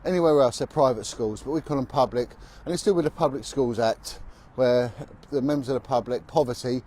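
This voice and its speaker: A man's voice: mid-range voice, brisk, darkish tone. Blunt ex-cop man talking while walking. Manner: blunt, emphatic storytelling. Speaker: former police officer. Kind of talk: walking vlog monologue. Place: outdoors on a city street.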